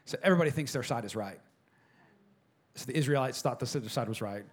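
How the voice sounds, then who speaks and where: A man's voice: mid-range voice, fast, breathy edge. Casual, joking man preaching a sermon. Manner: casual, joking, talks straight to the congregation. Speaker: pastor. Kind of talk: conversational sermon.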